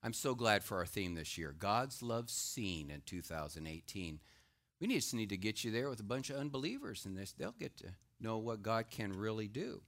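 A middle-aged man, a pastor, preaching a sermon in a lively way and acting out the voices he quotes. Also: lowish voice, moderate pace. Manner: animated, acts out quoted voices.

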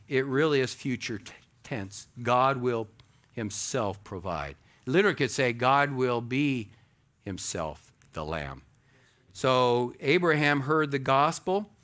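A pastor with a mid-range voice preaches a sermon at a measured pace. He is animated, swinging between loud exclamations and hushed asides.

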